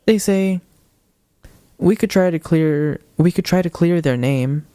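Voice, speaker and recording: Young man, podcast co-host; slightly higher voice, dry close recording; casual, animated storytelling. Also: measured pace, clean tone, no echo. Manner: retelling a ghost video with quoted voices, animated.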